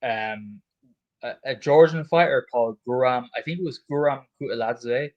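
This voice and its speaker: A man's voice: mid-range voice, moderate pace, highs cut off. A man hosting a stream and chatting casually about fight news, swearing freely and rambling through stories with fillers. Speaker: stream host.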